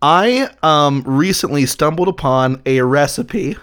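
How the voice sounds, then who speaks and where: A man's voice: fairly high pitch, lively intonation, unhurried, fairly bright tone, clear, resonant tone. A young man co-hosting a comedy podcast, riffing crude jokes and laughing often. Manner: laughing, riffing, swearing, silly bits. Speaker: podcast co-host.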